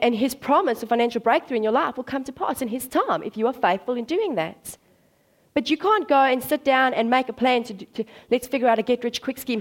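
Woman preacher, sermon, animated storytelling, fairly high voice.

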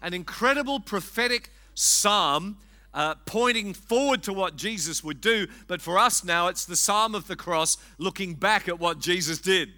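Bright-voiced pastor preaching. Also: male voice, sits high, animated, normal speed. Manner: conversational, gently humorous preaching with frequent fillers. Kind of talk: sermon.

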